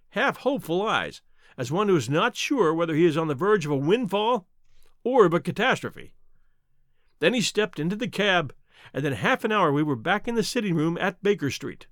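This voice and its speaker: Male narrator, expressive audiobook reading, lively pitch, dry close sound. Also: no room sound. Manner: expressive storytelling voice.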